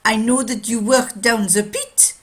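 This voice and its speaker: Woman putting on a self-assured old watchmaker, raised and loud, stating facts with certainty. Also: fairly high pitch, very animated, moderate pace, pitched above the performer's own voice. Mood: knowing. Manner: confident, matter-of-fact pronouncements. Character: proud elderly male watchmaker, sharp and sure.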